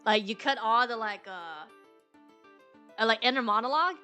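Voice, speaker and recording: A woman's voice: fairly high pitch, animated, moderate pace, pushed and bright, smooth, faint music behind. A woman streaming a game, reading its dialogue aloud and chatting in a rambling, filler-heavy way, laughing often. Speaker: VTuber streamer.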